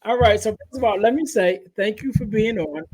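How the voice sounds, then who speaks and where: A man's voice: sits high, brisk, darkish tone, poor audio. A man hosting a podcast, chatty and casual, addressing listeners as "you guys" while plugging products before interviewing his guest. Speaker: podcast host.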